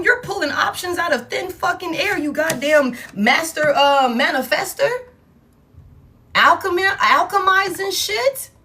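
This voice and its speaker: A woman doing a collective tarot reading, swearing freely and speaking with emphatic, animated energy. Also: very high voice. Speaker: tarot reader.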